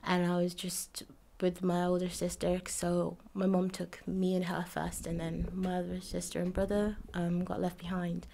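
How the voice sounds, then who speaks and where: A woman's voice: on the low side, little pitch movement, moderate pace, creaky, warm tone, slight background noise. A woman in her twenties from Jamaica, recalling her childhood in a chatty interview, full of fillers and laughs. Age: 20s. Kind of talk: casual recollection.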